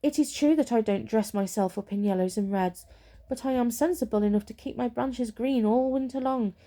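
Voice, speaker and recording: A woman voicing a proud, boastful fir tree that turns grumbling and sorry, in a soft whispered role-play. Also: a little high, normal speed, lightly acted. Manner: grumbling, self-pitying.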